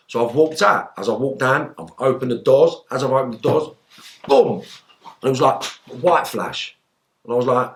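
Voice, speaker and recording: A man, a guest in an interview, telling a story in lively, swearing style and acting out the lines he quotes. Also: on the high side, a little fast. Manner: animated, swearing, acts out shouted quotes.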